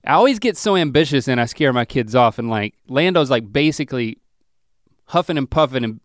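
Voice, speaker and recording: A middle-aged man chats on a podcast, spinning rambling, self-deprecating yarns. His pitch jumps around a lot, and the sound is dry and close-miked. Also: brisk, dry recording. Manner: rambling, self-mocking storytelling with lively pitch swings. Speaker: podcast co-host. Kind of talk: casual comedic chat.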